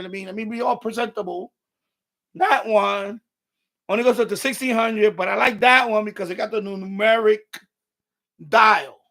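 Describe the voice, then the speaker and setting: A man's voice: sits high, fairly bright tone. A man hosting an unscripted live stream from his home radio room, rambling, swearing a lot and sounding irritable as he shows his radios.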